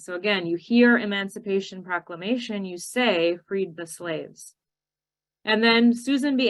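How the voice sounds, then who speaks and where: A woman's voice: medium pitch, poor audio. Minnesotan woman explaining citizenship teaching. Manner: explanatory, stresses key words slowly. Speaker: ESL teacher trainer. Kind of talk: teacher training presentation.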